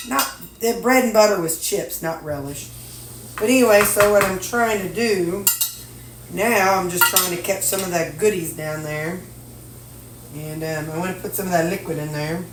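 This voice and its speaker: A middle-aged Missouri woman, a cooking vlogger, chats casually and folksily to herself and her viewers while measuring and cooking in her home kitchen. Her voice is medium-pitched against a noisy background of clinking dishes and cutlery. The mic sits at a distance in a roomy kitchen.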